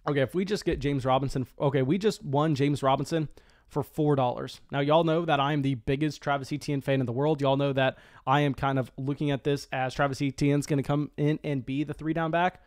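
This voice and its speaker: Excitable man with restarts, commentating a draft. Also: mid-range voice. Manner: quick, excitable, frequent stammered restarts. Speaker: fantasy football streamer.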